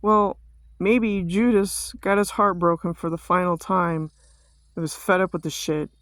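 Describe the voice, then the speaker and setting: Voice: medium pitch, fairly even intonation, a bit bright, dry recording. Vlogger, mid-range voice, dead-dry recording; profane conspiracy rant full of stumbles and "have you ever thought of that". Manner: ranting, repetitive rhetorical questions, heavy swearing; halting restarts and stumbles.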